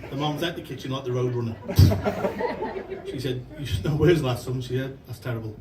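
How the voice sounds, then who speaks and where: A man's voice: medium pitch, a little fast, far from the mic. A man telling rambling, sweary jokes on stage as an amateur comic. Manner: rambling, chatty, swears freely, loses his place. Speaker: amateur stand-up comedian. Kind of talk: stand-up joke telling. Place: function room before a laughing crowd. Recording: echoey room recorded from afar, noisy.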